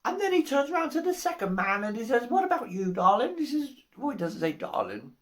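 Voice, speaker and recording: A woman's voice: a little high, big pitch swings, fairly quick. A woman giving a comic Christmas speech, telling a rambling joke and giggling at her own lines. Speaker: comic storyteller.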